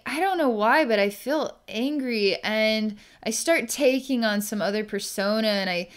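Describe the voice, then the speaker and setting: Woman psychic healer, smooth clear tone, halting and searching, narrating visions live. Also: medium pitch. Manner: halting, searching, describes visions as they come. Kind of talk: narrating a distance healing vision.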